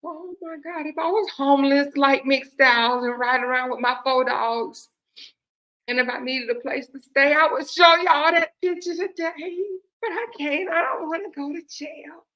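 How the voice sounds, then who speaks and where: High-voiced woman laughing till she cries. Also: normal speed, sharp tone. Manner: laughing through tears, dramatic, addresses audience as y'all. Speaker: host. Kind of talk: casual commentary to viewers.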